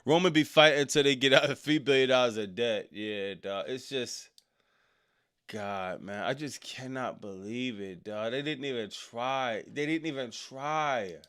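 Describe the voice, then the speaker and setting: A man hosting a live wrestling reaction stream and reading chat aloud. He swings between loud excited outbursts and low, frustrated mutters, and talks in casual slang. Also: unhurried, clear, resonant tone. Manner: casual slang, often ending lines with "dog" or "bro".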